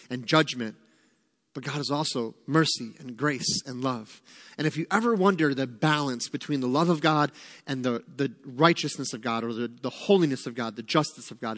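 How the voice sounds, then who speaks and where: A middle-aged male pastor delivering a sermon in a conversational, emphatic teaching manner, with a slightly higher voice than most men. His words ring out with a long reverb, as in a church hall. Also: fairly bright tone.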